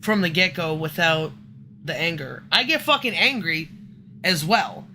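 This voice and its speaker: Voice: medium pitch, measured pace, bright, forceful tone, a little hiss or hum. A livestream host in casual conversation, frustrated and swearing a lot, breaking off and restarting sentences. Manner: frustrated, profane and swearing often.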